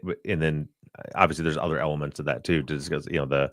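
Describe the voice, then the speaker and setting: A man hosting a podcast, talking loosely and haltingly, with restarts as he asks his guest questions. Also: a bass voice, fairly even intonation, fairly bright tone, no echo, clean studio sound. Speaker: podcast host. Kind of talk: casual podcast conversation.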